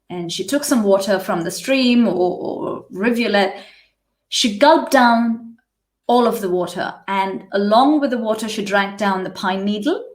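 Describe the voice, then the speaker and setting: A woman telling a myth in a live teaching session, measured, with restarts and asides. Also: medium pitch. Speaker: spiritual teacher. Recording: roomy echo.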